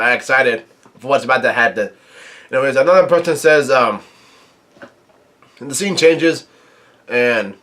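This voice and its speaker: Halting man reading a comic aloud. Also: mid-range voice, pushed and bright. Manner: halting reading, quotes dialogue without acting it. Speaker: manga reviewer.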